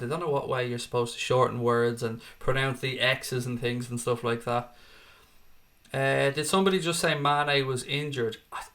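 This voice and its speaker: A man's voice: medium pitch, fairly bright tone. An Irish man hosting a fan channel, chatting casually and rambling through viewer comments with self-deprecating asides. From Ireland. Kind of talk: casual live-chat commentary.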